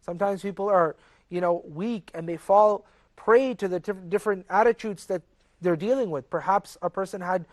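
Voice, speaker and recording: A man's voice: high voice, moderate pace, no echo. A man giving a religious lecture, reciting verses and explaining them earnestly and emphatically. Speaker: teacher of Quran commentary.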